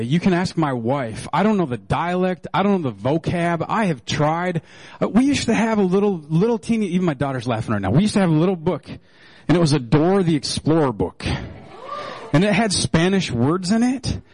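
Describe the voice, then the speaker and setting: A middle-aged man delivers a sermon in a high, bright register. His delivery is animated and playful, with quick jokes and big swings in pitch. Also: no room sound, low-quality recording. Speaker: pastor.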